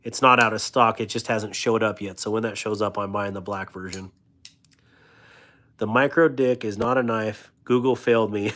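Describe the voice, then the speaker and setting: A man's voice: fairly low pitch, steady tone, normal speed, a bit bright. A man in his thirties hosting a casual live stream, reading viewer comments aloud and riffing on them in a loose, rambling, joking way. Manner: reads viewer comments aloud and riffs on them with frequent laughter. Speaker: livestream host of a knife channel.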